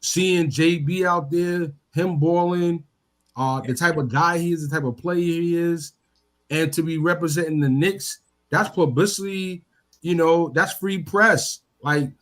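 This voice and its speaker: A man co-hosting a casual sports podcast, talking in an animated way and repeating words as he pushes his point. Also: on the high side. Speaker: podcast co-host.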